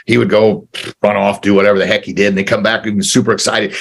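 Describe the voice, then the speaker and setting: A man in his forties, an entrepreneur guest, telling a candid personal story in an earnest, halting way with repeated words, getting choked up. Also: on the low side, steady tone, gravelly, breathy edge.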